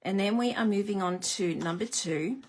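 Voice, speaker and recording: A woman's voice: medium pitch, moderate pace, slight background noise. Chatty woman demoing crafts. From Australia. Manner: chatty, self-deprecating, greets viewers. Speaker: card-making host. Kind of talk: live craft demonstration.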